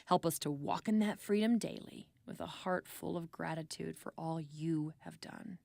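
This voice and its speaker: A woman's voice: low-pitched, moderate pace, gravelly, darkish tone, no room sound, clean studio sound. A woman leading an earnest, reverent spoken prayer. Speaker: prayer leader.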